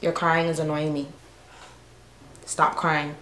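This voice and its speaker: A woman voicing her offhand young date, speaking flatly in an echoey room. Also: low-pitched, slow pace, background noise. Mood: annoyed.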